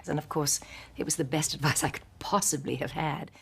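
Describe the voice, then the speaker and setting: An older woman narrating a documentary and telling personal anecdotes in a poised, measured way. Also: sits low, creaky, husky.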